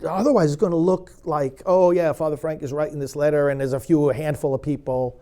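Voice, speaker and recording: A man's voice: fairly high pitch, steady tone, brisk, mellow. A middle-aged man, a priest hosting his own show, talking straight to the viewer in a sarcastic, preachy way that builds to fervent emphasis. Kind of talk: direct-to-camera commentary.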